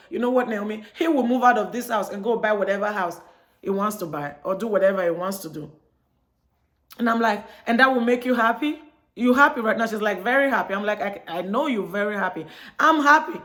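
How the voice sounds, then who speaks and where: A Chicago woman vlogs to her viewers in a casual monologue, telling a story and voicing both sides of the conversation. Her voice is fairly high, fairly quick and fairly bright, with a chatty storytelling style.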